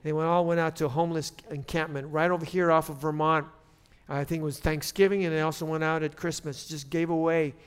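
A man preaching a sermon as pastor, conversational with restarts, rising to loud emphatic preaching. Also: fairly high pitch, little pitch movement, brisk, clear, resonant tone.

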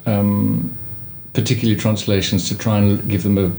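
Low-voiced halting theatre director man. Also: little pitch movement, vocal fry, warm tone, slight background noise. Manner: halting, many fillers and restarts. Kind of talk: casual interview.

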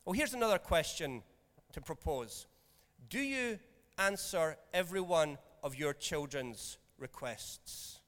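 A man's voice: a little high, animated, slow, a bit bright, in a large hall. A man preaching a sermon in a conversational, jokey way, often checking in with his listeners. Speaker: pastor. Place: church hall.

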